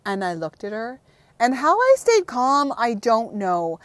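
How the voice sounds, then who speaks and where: Brief: woman, 30s, home vlogger, rambling and teary, slightly high voice, dry close sound. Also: wildly swooping pitch, measured pace, fairly bright tone, no echo. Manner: emotional, on the verge of tears; rambling, frank, with swearing. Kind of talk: unedited casual vlog chat.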